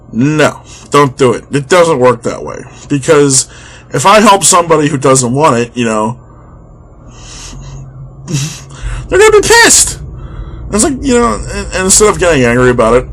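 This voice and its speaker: A man's voice: fairly high pitch, fairly bright tone, slight background noise. Exasperated male vlogger ranting. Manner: exasperated, sarcastic, swears freely. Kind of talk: comedic rant.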